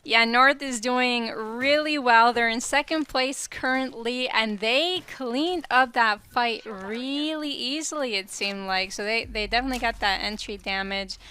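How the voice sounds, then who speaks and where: A woman's voice: fairly high pitch, measured pace, few pauses, pushed and bright. A woman from Canada giving color commentary on an esports tournament, friendly with light self-deprecating humor. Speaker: esports analyst.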